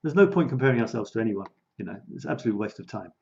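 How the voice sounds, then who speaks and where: A man's voice: on the low side, lively intonation, rapid-fire, gravelly, a little mellow, muffled recording. A man giving a casual live-streamed coaching talk, chatty and self-mocking, laughing often and repeating words as he goes. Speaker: creativity coach.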